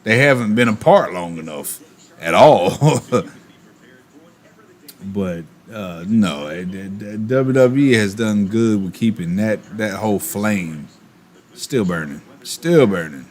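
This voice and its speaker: A man streaming and chatting casually, animated, with quick asides and laughs. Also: fairly low pitch. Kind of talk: casual chat while opening cards.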